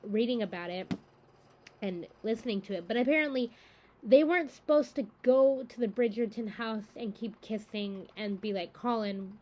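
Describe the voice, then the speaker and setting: A woman's voice: fairly high pitch, moderate pace, darkish tone, low-quality recording. A woman hosting a book-reading channel, chatting casually to camera in a rambling, enthusiastic way with lots of fillers.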